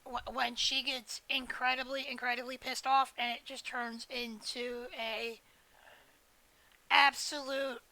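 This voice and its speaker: A woman's voice: high voice, little pitch movement, unhurried, pushed and bright, low-quality recording. A woman streaming a video game, chatting casually in a rambling, joking way with plenty of swearing. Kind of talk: casual live-stream chat while gaming.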